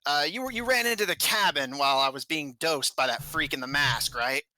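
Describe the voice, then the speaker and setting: A man voicing a jumpy, gruff male goblin mine warden who talks in a folksy drawl. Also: on the high side, brisk, sharp tone, no echo.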